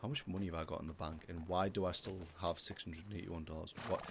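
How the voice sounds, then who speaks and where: A man's voice: low-pitched, quick pace, noisy background. A young man streaming a game, joking and easily startled. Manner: excitable, jokey, easily startled. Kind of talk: gaming livestream commentary. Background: game music.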